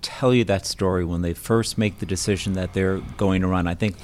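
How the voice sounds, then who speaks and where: A man hosting an interview, conversational and quick with asides as he guides the guest. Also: low-pitched, steady tone, darkish tone. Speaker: interview host.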